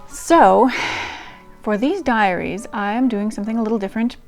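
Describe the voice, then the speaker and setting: With faint music behind her, a woman with a slightly high, darkish voice speaks at a moderate pace as she chats to camera. She hosts a channel reading old diaries and comes across as chatty and self-deprecating, full of ums and restarts.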